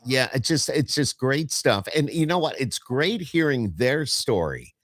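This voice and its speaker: A man's voice: medium pitch, sing-song, unhurried, a bit bright, no echo, clean studio sound. A man hosting a podcast, talking in an enthusiastic, chatty way with his guest. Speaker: podcast host. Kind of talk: casual interview chat.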